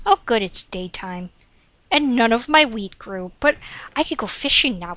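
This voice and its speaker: A woman's voice: on the high side, lively intonation, normal speed, fairly bright tone, no room sound. Chatty woman narrating a game, dry close mic. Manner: chatty, digressive, frequent "like" and "um"; talks to her cat between game remarks. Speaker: gaming commentator. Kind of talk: rambling let's-play commentary. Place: at home with a cat nearby. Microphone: desk microphone.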